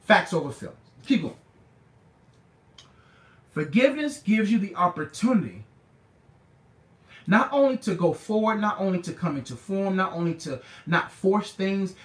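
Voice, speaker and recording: A man preaching a sermon in a call-and-response style. He repeats slogans, shouts some lines and drops to low, quiet asides in others. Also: reverberant. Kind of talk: preaching sermon to a live audience.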